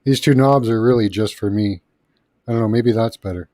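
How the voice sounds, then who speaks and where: A man's voice: fairly low pitch, brisk, dark tone. A male guest on a video call, casually checking his mic settings and greeting people.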